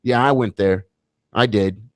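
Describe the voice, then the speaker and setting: A man's voice: fairly low pitch, unhurried, no echo. Wry, joking male radio host. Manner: wry, joking, rambling asides. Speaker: radio talk show host. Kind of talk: casual talk radio banter.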